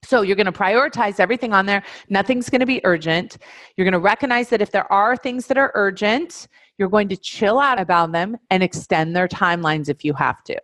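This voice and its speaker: Speaking briskly in a mid-range, fairly bright voice, a female life coach gives an instructional webinar talk. The studio recording is clean, with no room sound. She presses her points with emphasis, repeats important phrases, and speaks directly to those listening.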